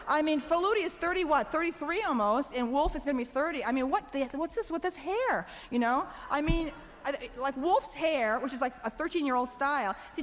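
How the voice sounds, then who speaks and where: A woman in her forties giving a public lecture in a large hall, talking rapidly and combatively with many fillers and asides. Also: high voice, a little hiss or hum. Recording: reverberant hall from a distance.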